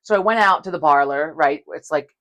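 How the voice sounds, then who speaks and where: Her voice sits low and moves a little fast as this woman, a co-host on a laid-back podcast, tells a story. Animated and profane, she swears heavily and performs the dialogue for both people involved.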